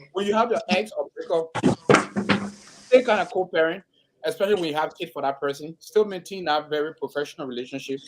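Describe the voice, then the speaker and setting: Male host, high voice, loose rambling delivery, stammers and laughs through his points. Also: background noise. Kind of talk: casual live-stream panel chat.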